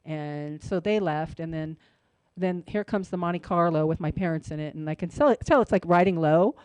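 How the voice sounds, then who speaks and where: A woman co-hosting a radio talk show, telling a story in a casual, animated way with lots of "like" and "you know", and acting out the other people's voices. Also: normal speed, smooth, no room sound. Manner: animated, acts out quoted voices with big pitch jumps.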